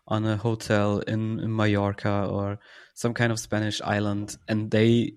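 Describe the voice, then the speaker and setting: A man from Germany speaking English in a casual podcast conversation, halting and searching for words. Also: mid-range voice.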